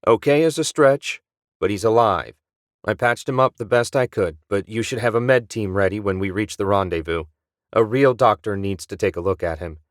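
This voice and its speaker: A wry, tired male space pilot speaks in a low, plain, matter-of-fact voice, voiced by a male narrator. The sound is close and dry. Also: moderate pace, no room sound, natural voice.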